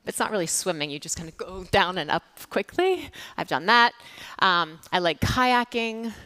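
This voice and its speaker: A woman with an American accent speaks as a keynote speaker at a summit. Her voice is bright and clear at a middle pitch, and she talks in a chatty way, telling anecdotes with fillers and restarts. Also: big pitch swings, normal speed. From United States. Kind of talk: conference talk. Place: stage at a summit.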